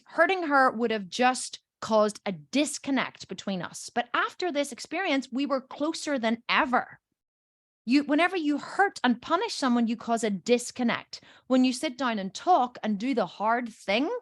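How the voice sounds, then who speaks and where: This coaching podcast host, a mother, tells an emphatic, profanity-laced story and acts out everyone's voices as she goes. Her voice sits on the high side with a fairly bright tone, captured at studio quality with no echo.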